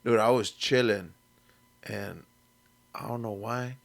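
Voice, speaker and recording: Gravelly man rambling through a podcast story. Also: fairly low pitch, steady tone, slow pace. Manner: rambling storyteller, profane, laughs a lot. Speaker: podcast co-host. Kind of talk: casual comedy podcast chat.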